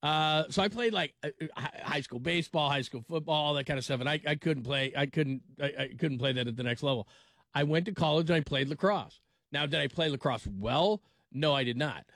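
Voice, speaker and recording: A man's voice: on the high side, brisk, a bit bright, no room sound. A man hosting a sports radio show in casual, rambling chat, laughing often and restarting his sentences. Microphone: studio microphone.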